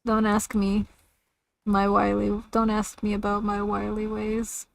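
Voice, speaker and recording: A woman's voice: mid-range voice, completely flat delivery, a little slow, vocal fry. Chatty young woman streaming a game. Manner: chatty, self-deprecating, laughs often. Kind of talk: casual livestream chat while gaming.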